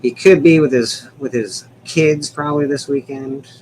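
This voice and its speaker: A man's voice: mid-range voice, moderate pace, darkish tone, a little hiss or hum, poor audio. A man hosting a casual livestream chat from home, rambling, laughing often and swearing now and then. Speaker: livestream host.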